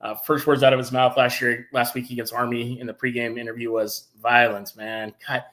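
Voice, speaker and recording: A man hosting a casual sports talk show, enthusiastic and animated, reading out viewer comments. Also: mid-range voice, a little fast. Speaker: podcast host.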